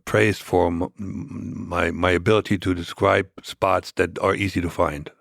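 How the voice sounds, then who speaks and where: A man as a podcast guest, recounting past events in a measured, reflective way during a conversational interview. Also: low-pitched, steady tone, creaky, a bit bright, no echo, studio quality.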